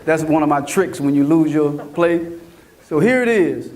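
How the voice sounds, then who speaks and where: A middle-aged man from Mississippi gives an animated motivational talk and keeps checking in with his audience. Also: a little high, measured pace, far from the mic, noisy background. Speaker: conference speaker. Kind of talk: motivational storytelling speech.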